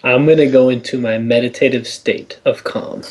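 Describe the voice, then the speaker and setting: Guy playing a tabletop game, laid-back and cussing, mid pitch. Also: fairly even intonation, moderate pace, a little mellow, low-quality recording. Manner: casual, swears, asks questions. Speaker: player. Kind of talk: casual tabletop game play.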